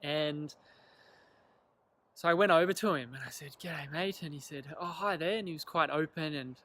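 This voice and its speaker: A young man telling a personal story to camera in an earnest, animated way, acting out the lines of the people in it. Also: on the high side, normal speed. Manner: earnest, animated retelling with quoted dialogue. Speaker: vlogger.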